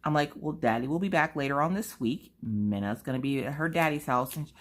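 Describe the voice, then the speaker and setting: A mother vlogging at home at night, retelling her family's day in an animated, dramatic way, often tagging "okay?". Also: sits low, a little fast, few pauses. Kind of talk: casual storytelling to camera.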